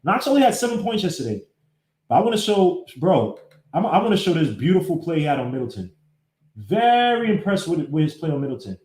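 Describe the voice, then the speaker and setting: A man hosting a casual live-streamed sports podcast, breaking down game clips and greeting viewers by name in an animated way. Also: a little high, a little fast. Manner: talks while fumbling with his computer. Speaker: podcast host. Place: home setup, live streaming. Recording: echoey room.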